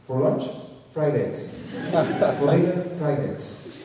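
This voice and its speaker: A man tells anecdotes in a lecture at an unhurried pace. His voice is fairly high and soft, with halting restarts and chuckles between the jokes. He is heard from a distance in an echoey hall with a long reverb and faint room noise. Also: lively intonation. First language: Spanish. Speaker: filmmaker giving a public lecture. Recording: echoey hall recording from afar.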